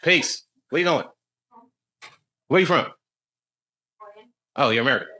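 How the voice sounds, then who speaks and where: After a show, a stand-up comedian banters casually with fans, laughing and joking in a loose way. His voice is mid-range and animated at a measured pace, and the recording is very noisy.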